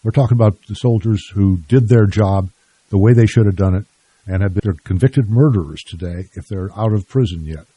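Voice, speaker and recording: An older man hosting a radio interview, measured and plain-spoken. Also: on the low side, dark tone, breathy edge, no echo. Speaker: radio host.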